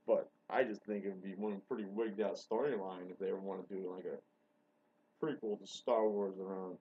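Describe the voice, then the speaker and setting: A man hosting a rambling solo show, excitable and profane, swinging between low mutters and sudden loud outbursts. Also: breathy edge. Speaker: show host. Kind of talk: rambling monologue. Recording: dull lo-fi recording.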